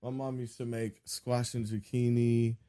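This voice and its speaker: A man's voice: mid-range voice, little pitch movement, unhurried, mellow. A man co-hosting a podcast in casual chat, joking, laughing often and swearing freely. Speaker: podcast co-host.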